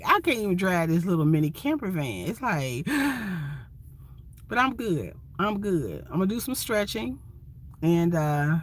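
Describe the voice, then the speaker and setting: Lively chatty woman vlogger. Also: medium pitch. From Ohio, USA. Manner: chatty, expressive, talks straight to viewers. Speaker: van-life vlogger. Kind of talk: casual livestream chat.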